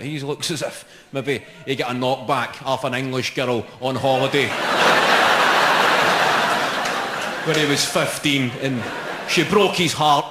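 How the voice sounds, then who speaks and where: A man's voice: medium pitch, noisy background. A young Scottish man doing live stand-up comedy in a large venue, with sweary, mocking banter. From Scotland. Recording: echoey hall with roaring crowd. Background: audience laughter and cheers.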